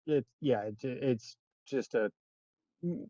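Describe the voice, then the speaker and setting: A man's voice: medium pitch, slow pace, warm tone, no echo, lo-fi sound. A man playing in a tabletop game, talking in a laid-back, joking way. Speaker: player. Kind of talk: casual tabletop game chat.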